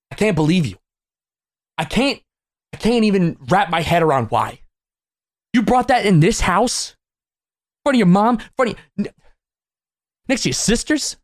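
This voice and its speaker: A man voicing his stern, angry middle-aged father scolding his son in a gruff, exasperated way, in a storytime video. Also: sits high, very animated, unhurried, pauses often, no echo, clean studio sound.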